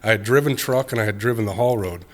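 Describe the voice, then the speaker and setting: A man's voice: on the low side, quick pace. A man from Alaska, a truck driver, telling stories in a casual, self-deprecating way and repeating phrases as he goes. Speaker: guest, haul road truck driver. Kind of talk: casual interview storytelling.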